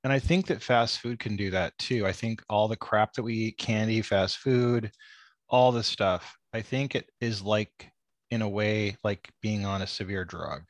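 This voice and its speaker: A man's voice: lowish voice, fairly even intonation, normal speed, no room sound. A man hosting a podcast in casual conversation, agreeable and reflective, often affirming his guest. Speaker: podcast host.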